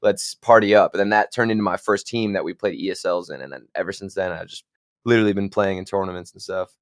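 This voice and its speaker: Smooth-voiced young man rambling casually. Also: deep voice, quick pace, no echo, clean studio sound. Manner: rambling storyteller, trails off quietly. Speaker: podcast guest. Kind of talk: casual chat.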